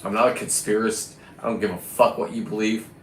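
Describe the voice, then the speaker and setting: A man's voice: on the low side, fairly even intonation, fast, slight background noise. A middle-aged man rambling through a profane, boastful casual monologue to his viewers. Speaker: vlogger. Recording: echoey room.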